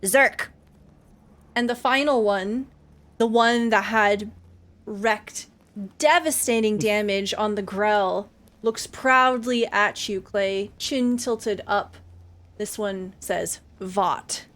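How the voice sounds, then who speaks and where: A woman narrating as game master in a tabletop game, describing scenes slowly and in detail. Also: medium pitch, a bit bright.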